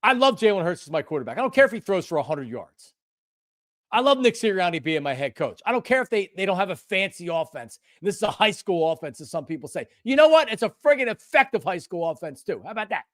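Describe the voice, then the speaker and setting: Excitable older man, lively pitch. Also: fast, dry recording, studio quality. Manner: passionate, emphatic, repeats himself; bursts into shouting. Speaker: sports show host. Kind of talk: live-streamed sports talk.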